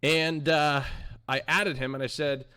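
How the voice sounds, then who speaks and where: Bright-voiced young male streamer host. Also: on the high side, flat delivery, measured pace, clear, resonant tone. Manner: rambling, chatty, talks back to his chat. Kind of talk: casual live-stream chat.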